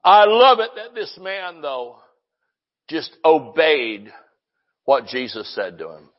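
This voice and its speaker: A man preaching a sermon as pastor, fiery and loud, breaking into shouts and joking with the congregation. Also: a little high, sing-song, takes it slowly, muffled recording.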